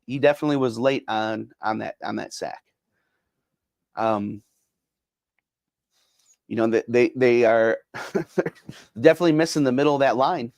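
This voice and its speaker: With a medium pitch, a touch of mellowness, and vocal fry, this podcast host speaks at a measured pace and pauses often. He's a middle-aged man doing casual solo sports talk over viewer comments, rambling with fillers and repeats, in a dry studio-quality recording.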